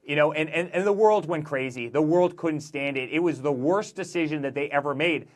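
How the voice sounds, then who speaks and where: A man in his forties, a guest author in a political interview, talking emphatically in rapid-fire lists. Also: a little high.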